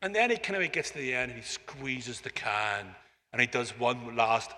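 A man preaching a sermon in a relaxed, conversational way, with frequent "you know"s and repeated phrases. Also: mid-range voice, normal speed, creaky. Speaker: pastor. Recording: long hall reverb.

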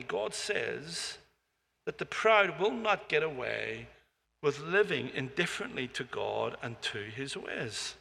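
A man preaching a sermon in a relaxed, conversational way, with frequent "you know"s and repeated phrases. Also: a little high, vocal fry. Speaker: pastor. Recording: long hall reverb.

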